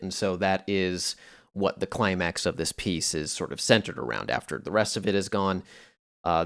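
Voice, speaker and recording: A man with a fairly low voice walks through his sound samples in a relaxed, explanatory way. The recording is dry and close, with no room sound. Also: no room sound. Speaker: music producer. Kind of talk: casual tutorial narration.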